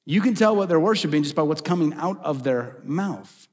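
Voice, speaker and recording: A man's voice: on the high side, animated, normal speed, darkish tone. A middle-aged male pastor preaching a sermon, emphatic, with repeated phrases and rhetorical questions. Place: church sanctuary. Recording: long reverb of a large hall.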